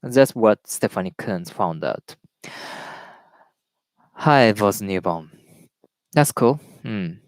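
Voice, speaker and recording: Man reading aloud haltingly in English. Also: on the low side, expressive, no echo. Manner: reads aloud haltingly, repeats words, greets viewers. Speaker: live stream host. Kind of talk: casual reading and commentary.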